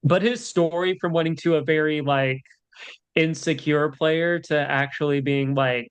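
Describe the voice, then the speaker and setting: A man's voice: fairly high pitch, fairly even intonation, measured pace, smooth. A man co-hosting a podcast in casual chat, rambling with lots of fillers. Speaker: podcast co-host.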